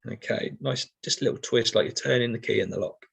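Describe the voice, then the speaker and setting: A man's voice: medium pitch, quick pace, vocal fry, husky. A middle-aged man teaching sign language in an online session, explaining each step patiently with many ums and okays.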